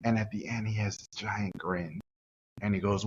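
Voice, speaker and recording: Man in his forties from Mexico, animated guest storyteller, lowish voice, dull podcast audio. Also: moderate pace, husky. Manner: lively storyteller acting out quotes.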